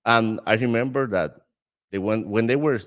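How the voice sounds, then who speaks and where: Dominican guy, spanish accent, lowish voice, laughs a lot telling stories, trips over his words. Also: normal speed. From Dominican Republic. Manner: animated storyteller with frequent laughter and restarts. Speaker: guest from the cigar trade. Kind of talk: casual anecdote telling. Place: cigar lounge.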